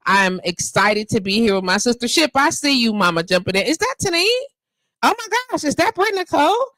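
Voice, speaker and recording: Speaking fairly high in a sing-song, brisk manner with a slightly bright tone, a woman in her fifties hosts a live show from home. She's casual, emphatic and slangy, using a handheld mic. There's no echo, but the audio is poor.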